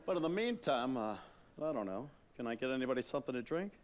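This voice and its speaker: An actor playing a goofy, immature Darth Vader who is an over-eager joker, in a comic stage musical. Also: male voice, medium pitch, big pitch swings, fast, close to an everyday voice. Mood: sheepish. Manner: jokey, over-eager, chummy.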